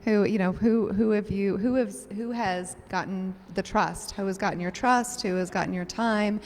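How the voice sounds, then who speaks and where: A woman's voice: medium pitch, steady tone, normal speed, darkish tone, long reverb tail, a little hiss or hum. A woman on a discussion panel who explains her ideas thoughtfully, building on images and comparisons.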